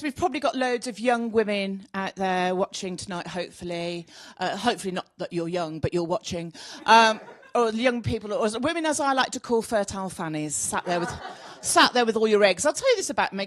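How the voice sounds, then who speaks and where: Female stand-up, middle-aged, Birmingham accent, brash and bawdy, lively pitch. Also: brisk, few pauses. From Birmingham, England. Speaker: stand-up comedian. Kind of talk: stand-up routine. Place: comedy club stage.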